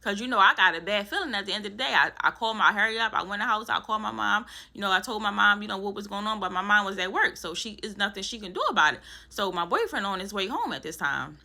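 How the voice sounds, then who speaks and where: A young woman rattles through a storytime vlog at a quick clip, her voice bright and sharp. She retells the confrontation in a heated, profane, animated way, and her pitch sits a little high. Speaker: vlogger telling a story.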